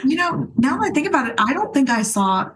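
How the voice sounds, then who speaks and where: A woman's voice: high-pitched, very animated, fast talker, a little hiss or hum, rough recording. A woman from Nashville co-hosting a podcast in a chatty, casual way, peppering her talk with "like" and giggling. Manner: chatty, says "like" a lot, giggly. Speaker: podcast co-host. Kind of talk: casual chat.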